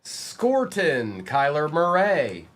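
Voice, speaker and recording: A young man on a live stream, chatting casually and calling out player names as he opens card packs, getting excited along the way. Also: a little high, drawn-out words.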